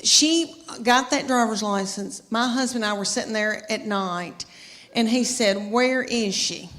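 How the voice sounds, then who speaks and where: A woman's voice: a little high, unhurried, a bit bright, big-room sound. A middle-aged woman doing stand-up comedy, telling family stories in a chatty, drawling way. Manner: chatty storytelling with drawled asides. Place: comedy stage with live audience.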